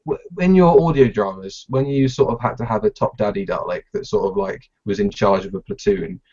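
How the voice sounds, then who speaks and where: Low-voiced, halting man co-hosting a podcast. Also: mellow, highs cut off. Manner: halting, many fillers and restarts, playful. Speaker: podcast co-host. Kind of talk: casual live podcast chat.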